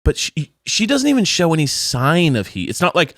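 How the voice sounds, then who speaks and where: Male podcast co-host, animated sarcastic delivery, dry close mic. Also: a little high, moderate pace, no echo. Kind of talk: casual chat.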